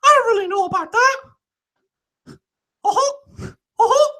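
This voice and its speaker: A man voicing a small male cartoon mouse in a squeaky, high voice that rattles off quick repeated phrases. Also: lively intonation, bright, forceful tone, exaggerated voice. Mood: squeaky, fussy. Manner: squeaky, rapid, repeats himself.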